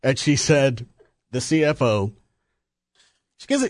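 A man's voice: mid-range voice, takes it slowly, dry recording. A middle-aged man hosting a radio show from the studio, telling joking stories in casual chat. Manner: animated, joking storyteller.

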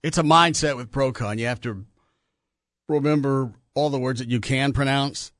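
A man's voice: medium pitch, moderate pace, fairly bright tone, no echo. A man hosting a radio show, joking and rambling in casual on-air banter while fumbling with the studio gear.

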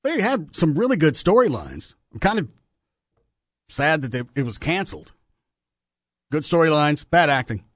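A man's voice: on the high side, very animated, moderate pace, long pauses, no echo, clean studio sound. A man, hosting a radio show and chatting in an offhand, opinionated way. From Texas. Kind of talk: casual radio chat.

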